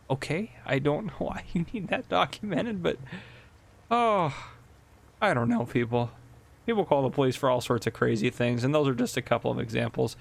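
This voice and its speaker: A man's voice: medium pitch, brisk, gravelly. A man casually commentating a farming game and telling police stories, chatty and laughing often. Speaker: gameplay host and police officer.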